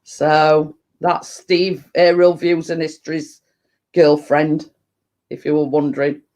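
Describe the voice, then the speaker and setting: A woman's voice: low-pitched, level tone, slow pace, darkish tone. A woman hosting a casual live stream chat, telling rambling stories and laughing easily.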